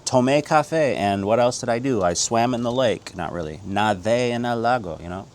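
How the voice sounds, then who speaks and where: A middle-aged American man teaching a casual Spanish lesson, energetic and quick, switching between English and slow Spanish drills. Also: mid-range voice, a little hiss or hum. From United States.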